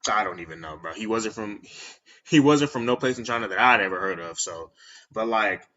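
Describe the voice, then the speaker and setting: A man from Texas hosts a podcast in a casual, slangy, animated monologue. His voice is bright and forceful, recorded a little dull and lo-fi. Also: lowish voice, a little fast. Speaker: podcast host.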